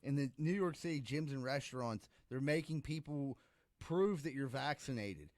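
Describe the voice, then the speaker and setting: A man's voice: medium pitch, normal speed, no echo, studio quality. A man co-hosting a podcast, joking, laughing readily and swearing in casual chat. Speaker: podcast co-host.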